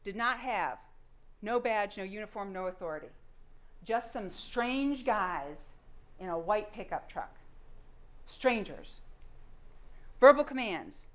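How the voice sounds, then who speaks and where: A woman's voice: mid-range voice, lively intonation, slow, pauses often, echoey room. A woman prosecutor delivering a courtroom closing argument, firing pointed rhetorical questions at the jury.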